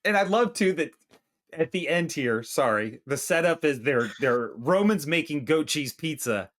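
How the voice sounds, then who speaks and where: A man co-hosting a comedy movie review podcast, with a voice a bit higher than most men's. He chats loosely and swears often. He keeps throwing in quick asides as he talks. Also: animated, fairly bright tone. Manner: profane, chatty, quick asides. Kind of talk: casual chat.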